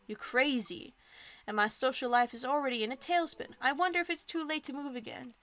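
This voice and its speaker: A woman's voice: high voice, a little fast, fairly bright tone. A woman reading an awkward single dad. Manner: flustered, awkward small talk. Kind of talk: reading game dialogue aloud.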